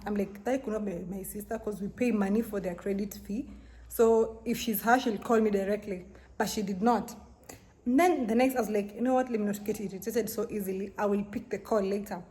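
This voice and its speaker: Young woman vlogger, mid-pitched voice, venting in a lively, fed-up story. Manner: animated, exasperated storytelling. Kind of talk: casual storytelling vlog.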